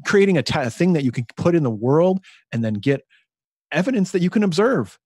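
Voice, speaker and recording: A man's voice: fairly high pitch, sing-song, fairly quick, a little mellow, breathy edge, no echo, clean studio sound. A man co-hosting a podcast in casual chat, thinking aloud and getting enthusiastic about ideas. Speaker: podcast co-host.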